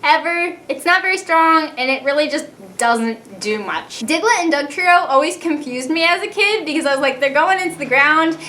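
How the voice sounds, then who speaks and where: A young woman with a high, girlish voice chats through a casual vlog monologue. She gushes and rambles with plenty of "like" fillers, slipping into playful mini-impressions as she tells her stories. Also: lively intonation, pushed and bright, a little hiss or hum. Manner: bubbly, gushing, quick asides with lots of "like"; acts out childhood reactions in quoted mini-voices. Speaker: YouTuber.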